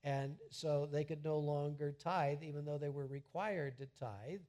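Male pastor, middle-aged, higher voice; conversational sermon, animated, restarts often. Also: a little slow. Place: church sanctuary.

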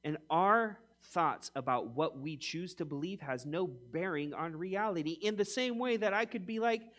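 A man in his forties preaching a sermon, emphatic, swinging between loud punchy lines and quiet low ones, acting out mock quotes with humor. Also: expressive, normal speed, hardly any pauses. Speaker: pastor.

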